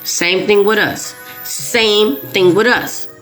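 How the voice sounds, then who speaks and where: A woman's voice: medium pitch, animated, slow, a bit bright. Woman, casual talk to viewers, emphatic, repeats herself, faint background music. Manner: emphatic and repetitive, with frequent restarts. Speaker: video creator. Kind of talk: casual spoken monologue to viewers.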